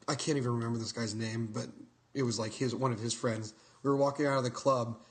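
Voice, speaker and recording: A young man co-hosting a podcast, telling a story in a rambling, laughing way and swearing freely. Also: medium pitch. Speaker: podcast co-host. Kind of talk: casual chat, storytelling.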